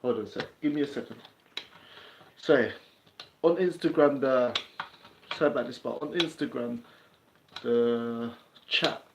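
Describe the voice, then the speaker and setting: A man's voice: medium pitch, measured pace, long pauses, noisy background. A man with a London accent hosting a casual livestream, chatting in a streetwise way and answering viewers' comments. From England. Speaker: livestream host. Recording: roomy, dull lo-fi sound.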